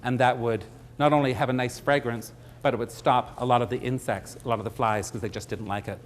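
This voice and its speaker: A man's voice: medium pitch, steady tone, a little fast, slight background noise. A middle-aged man giving a live floral design demonstration, chatty and joking with his audience. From Canada.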